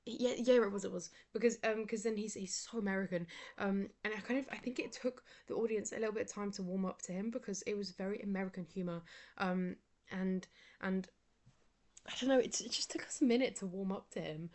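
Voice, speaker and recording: Soft-spoken woman, dipping into whispers. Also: medium pitch, fairly quick. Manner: rambling, soft and often dropping into a whisper. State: sleepy, yawning. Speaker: vlogger. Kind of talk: casual chat.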